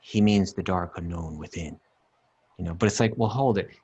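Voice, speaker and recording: A man's voice: low-pitched, moderate pace, darkish tone, slightly rough, muffled recording. A man casually explaining scripture verses, emphatic, often repeating himself and chanting Sanskrit lines. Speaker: podcast co-host teaching scripture. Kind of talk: casual teaching talk.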